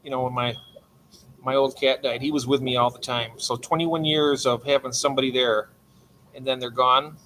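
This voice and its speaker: A man's voice: medium pitch, steady tone, moderate pace, a little hiss or hum. An older man hosting a late-night livestream from his aquarium room, chatting and greeting viewers by name. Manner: chatty, greets chat members warmly by name. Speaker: livestream host.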